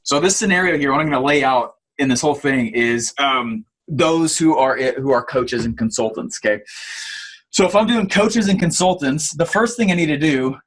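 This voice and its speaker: A man giving an online marketing training, telling stories in an animated way with lots of fillers. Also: a little high, moderate pace. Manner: animated storytelling with many fillers.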